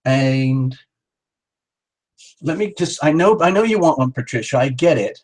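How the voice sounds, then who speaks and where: A middle-aged man hosts a live tarot stream, joking and rambling as he addresses viewers by name. His mid-range voice is animated, unhurried, and a little mellow.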